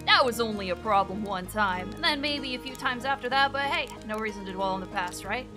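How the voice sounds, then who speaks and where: A woman's voice: high voice, animated, normal speed, over music. A woman voicing a folksy, easygoing male alien pilot, reading the game's dialogue in an attempted rural drawl.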